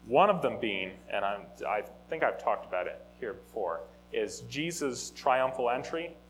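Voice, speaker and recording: A man teaching a Bible lesson in a conversational, animated way, often restarting and correcting himself. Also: fairly low pitch, a little hiss or hum, rough recording. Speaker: teacher of a Bible study or sermon. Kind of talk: informal teaching talk.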